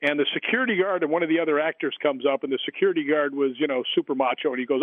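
A man's voice: on the high side, racing, no room sound. Man telling stories over a phone line. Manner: rambling anecdotes with many fillers and restarts. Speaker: guest, paranormal author. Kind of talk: storytelling in an interview. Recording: tinny phone line, dry.

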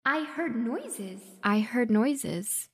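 A man voicing a curious young female shapeshifter who puts on a wise voice, higher than his own. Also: animated, drawn-out words, breathy edge, exaggerated voice. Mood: playful.

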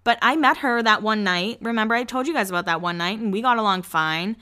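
A woman's voice: mid-range voice, a little fast. A young woman telling stories about her work and social life on her podcast, candid and blunt and swearing freely. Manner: candid, blunt and swearing, quotes people in lively voices. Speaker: podcast host. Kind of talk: casual storytelling monologue.

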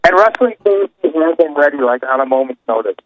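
A man with a slightly high voice chats eagerly on a podcast, speaking as a keen wrestling fan. He often chimes in with quick agreement. His audio sounds dull and lo-fi. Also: expressive. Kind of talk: casual chat.

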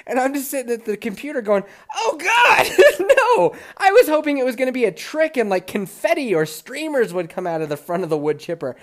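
A man's voice: sits high, lively intonation, fast talker, hardly any pauses, a little mellow. A man hosting a podcast, telling a dream story in casual, profane monologue, laughing often and still getting over a cold. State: lingering cold. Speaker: podcast host.

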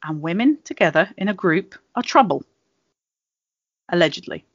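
A woman's voice: lowish voice, lively intonation, moderate pace, dry recording, muffled recording. A British woman chatting casually on a podcast, rambling and giggly, with frequent laughs and restarts. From Britain. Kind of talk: casual chat.

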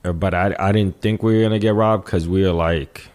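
A man with a very low voice, talking loosely as an interview guest. He rambles, restarts his sentences and swears often as he tells his story. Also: steady tone, a little fast, darkish tone. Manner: rambling with frequent restarts and profanity. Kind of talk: casual storytelling.

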